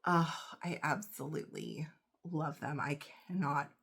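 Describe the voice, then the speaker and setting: A woman, getting over a cold, unboxing jewelry in a casual vlog, gushing and emotional with gasps and soft whispers. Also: deep voice, unhurried, gravelly, slightly rough. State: recovering from a cold. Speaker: reseller vlogger.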